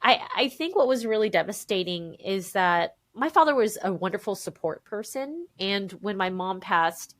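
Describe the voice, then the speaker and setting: A woman in her thirties, a podcast guest telling her own story in an animated, emphatic way, acting out what others said to her. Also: fairly low pitch. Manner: animated, emphatic, quotes people in voices. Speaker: podcast guest, memoir author. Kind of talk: candid conversational storytelling.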